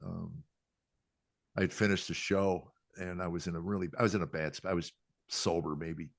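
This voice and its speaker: A man's voice: low-pitched, steady tone, normal speed, gravelly, no echo. An older man, a comedian, telling self-deprecating stories in a podcast interview. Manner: self-deprecating, quotes people in acted voices. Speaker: comedian guest.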